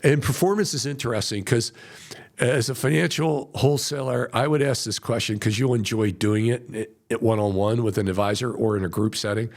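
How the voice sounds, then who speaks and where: A man's voice: medium pitch, fairly quick. A middle-aged man, a veteran wholesaler talking in a conversational coaching way and acting out client quotes as he goes. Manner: animated storyteller, acts out client quotes.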